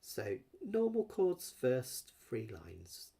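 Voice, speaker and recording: A man's voice: medium pitch, huge pitch swings, very slow, gravelly, mellow. A man teaching a live online ukulele lesson, chatty and encouraging, sometimes singing along as he plays. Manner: encouraging, chatty, sings along while playing. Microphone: webcam with close-up camera angle. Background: ukulele playing.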